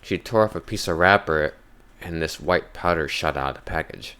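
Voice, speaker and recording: Very deep-voiced man narrating a horror story. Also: bright, forceful tone, clean tone. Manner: measured, unhurried first-person telling.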